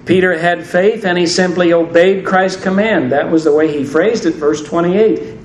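A man's voice: high-pitched, normal speed, few pauses, a little hiss or hum. A man preaching a sermon, conversational with dry humor. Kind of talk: sermon on scripture. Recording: roomy echo, distant mic, faint ambience.

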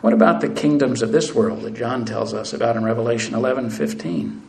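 A man's voice: medium pitch, expressive, brisk, gravelly, a little mellow, a little hiss or hum, low-quality recording. A man preaching a sermon, earnestly reading scripture aloud and addressing the congregation as brethren. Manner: earnest, reads scripture aloud with rising intensity.

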